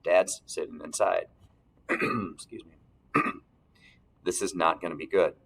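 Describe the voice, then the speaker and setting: A man reading a first-person novel aloud as narrator, steady, clearing his throat now and then. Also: low voice, rough recording. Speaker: audiobook narrator.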